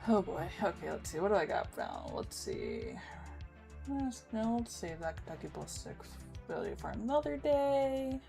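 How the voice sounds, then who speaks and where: A woman's voice: mid-range voice, huge pitch swings, normal speed, vocal fry, over music. A woman hosting a casual reaction livestream, rambling and correcting herself, laughing easily. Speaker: streamer host.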